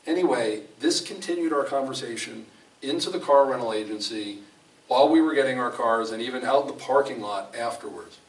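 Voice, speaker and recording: The preacher speaks a little fast at medium pitch, giving an emphatic, storytelling sermon that feels conversational, often restarting what he says. Faint room noise and the echo of the fellowship hall come through a distant mic.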